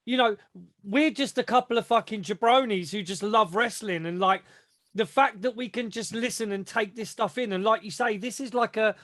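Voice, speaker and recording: A man's voice: high voice, normal speed, a bit bright. A man hosting a podcast, chatting casually and enthusiastically, swearing freely. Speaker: podcast host. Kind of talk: casual chat.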